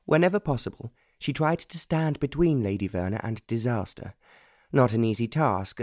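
A man narrates a historical romance audiobook with a measured, even delivery. His voice is warm and mellow, and the recording is close and very dry, with no room sound. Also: medium pitch, dry recording. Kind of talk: scripted narration.

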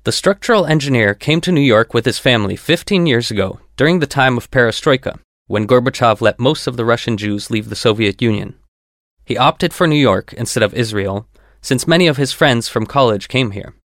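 A man reading scripted narration in a measured, descriptive manner. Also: mid-range voice, fairly bright tone, no room sound, clean studio sound.

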